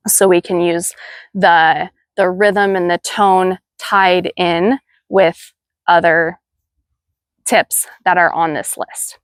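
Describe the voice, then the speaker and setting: A woman who teaches horseback riding, explaining tips to other instructors in a practical, steady way and counting out cues. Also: on the low side, slow pace, clean tone, no room sound, clean studio sound. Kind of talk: instructional video talk.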